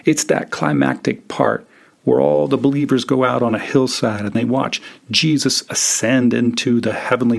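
A man's voice: medium pitch, gravelly, darkish tone, slightly rough. A man hosting a podcast, telling a vivid second-person story with wry, dry humor. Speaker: podcast host.

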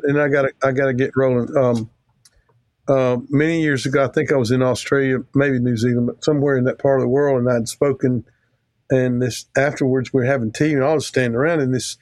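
A man's voice: mid-range voice, a little mellow, no echo. An American man, a guest theologian, talking and telling stories in an earnest, emphatic way with a close podcast mic. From United States. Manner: earnest, emphatic, rambling with restarts. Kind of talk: conversational storytelling.

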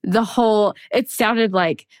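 A woman co-host drops wry jokes and casual swears into a loose podcast chat. Her voice sits at an everyday middle pitch. The recording is dry and close to the mic. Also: steady tone, takes it slowly, smooth, dry recording.

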